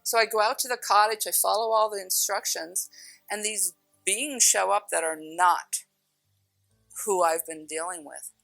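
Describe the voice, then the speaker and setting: Middle-aged woman, storytelling talk, animated, bright tone, dry close sound, faint music behind. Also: medium pitch, unhurried, gravelly, no room sound, poor audio. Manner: animated, acts out voices in her story, laughs often. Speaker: spiritual speaker.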